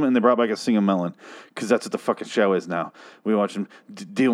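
A man's voice: on the low side, expressive, quick pace. A man hosting his own review podcast, ranting casually with sarcastic, exasperated swearing. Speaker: podcast host.

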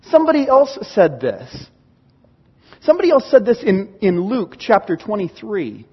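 A man with a high, somewhat husky voice preaches a storytelling sermon, acting out his exclamations with animation. He is recorded in a church sanctuary, and the sound is dull and lo-fi with a long hall reverb trailing each phrase. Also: wildly swooping pitch, moderate pace. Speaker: pastor.

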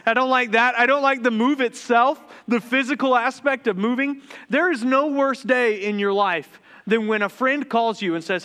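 A man in his thirties preaches from the pulpit in a high, bright, forward voice. He tells self-deprecating stories with a comic edge, then drops into a hushed, tender tone. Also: moderate pace, hardly any pauses, smooth. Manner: humorous, confessional storytelling that turns quiet and tender. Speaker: pastor. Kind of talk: sermon.

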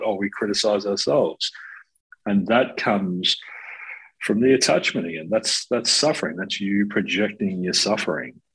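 A man in casual conversation as a podcast co-host and counsellor, playful and animated, often laughing. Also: fairly low pitch, normal speed, slightly rough, poor audio. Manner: playful, animated, bursts into silly sounds and laughter.

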